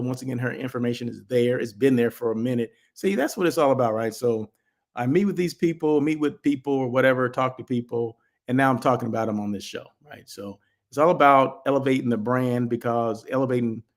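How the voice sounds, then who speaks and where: Man, show host, casual livestream chat, rambling and chatty, gravelly voice. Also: mid-range voice, a little fast. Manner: rambling, chatty, restarts and asides.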